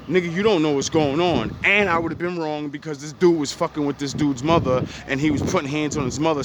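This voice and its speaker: A man from New Jersey giving an intense, profane motivational talk in street slang, at times rising to pleading shouts. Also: on the high side, heavy background noise. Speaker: motivational speaker. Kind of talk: passionate monologue.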